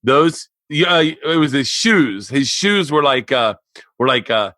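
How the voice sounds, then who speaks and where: A man hosting a podcast, telling stories in a bright, forceful voice. He acts out every quoted line and swings from low mutters up to near-shouting. The sound is dry and close to the mic. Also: slow, dry recording. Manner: animated storyteller, acts out quotes and jumps to near-yelling. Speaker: podcast host. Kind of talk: casual podcast chat.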